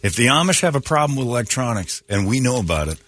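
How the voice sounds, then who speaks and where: A man's voice: mid-range voice, very animated, a bit bright, slightly rough. A man hosting a morning radio show, trading crude jokes and laughing often in casual banter. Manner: crude, joking, quick to laugh.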